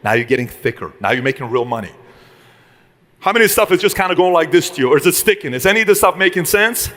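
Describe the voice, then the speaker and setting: A man's voice: a little high, expressive, quick pace, fairly bright tone. A man giving an emphatic motivational business talk to a live audience, asking the room questions and acting out conversations. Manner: emphatic, asks the room questions, acts out dialogues. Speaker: business speaker.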